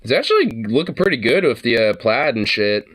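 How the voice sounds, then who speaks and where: A man's voice: medium pitch, very animated, fairly quick, fairly bright tone. A man streamer doing casual, rambling reaction commentary, swearing and laughing often.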